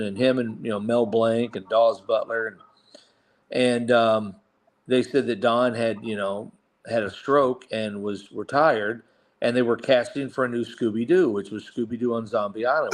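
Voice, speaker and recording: Middle-aged male guest, mid-pitched, loose rambling storyteller with frequent restarts. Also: fairly even intonation, moderate pace. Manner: rambling anecdotes with many restarts. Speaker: guest voice actor. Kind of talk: casual storytelling interview.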